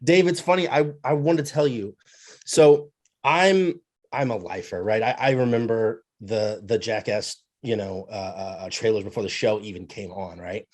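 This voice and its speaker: A man interviewing guests in a casual chat, talkative and quick to laugh at himself. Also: fairly low pitch. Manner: chatty, laughs often, self-deprecating.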